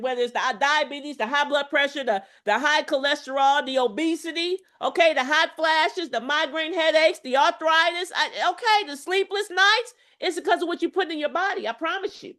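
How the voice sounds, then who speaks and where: A woman health coach giving an energetic, preachy lecture, calling to her audience again and again and swinging between loud exclamations and low asides. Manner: emphatic, preachy, calls to the audience with repeated "y'all" and "okay?".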